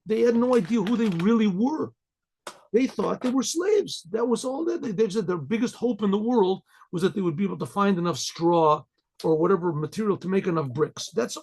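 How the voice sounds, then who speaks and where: Raspy gravelly guy, a rabbi giving an informal torah class, stops and restarts a lot, keeps clearing his throat. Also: high-pitched, expressive, a little mellow. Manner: halting, repeats words, often clears his throat.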